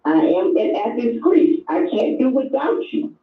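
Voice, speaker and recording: Older woman caller, high and lively voice, gushing and emotional, echoey phone line. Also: unhurried, far from the mic, a little hiss or hum. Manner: effusive, emotional, repeats herself. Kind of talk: call-in chat.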